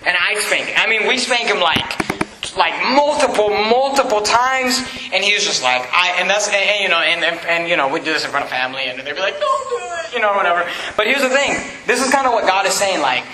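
A man's voice: sits high, animated, brisk, roomy sound, background noise. A middle-aged man, a pastor, preaching a fervent, emphatic sermon in a church.

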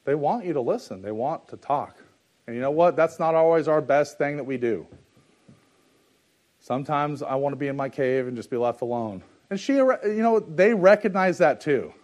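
A man preaching a sermon, reading scripture in old-fashioned wording, then talking plainly and with humour, dropping to low confiding talk and rising to loud exhortation. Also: animated, normal speed. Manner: plain-spoken and joking, laughs at his own asides. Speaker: pastor.

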